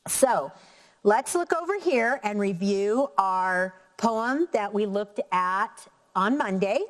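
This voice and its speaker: A woman teacher giving a slow, clear lesson to young children, counting out syllables. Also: mid-range voice, animated, in a large hall. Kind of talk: elementary classroom lesson.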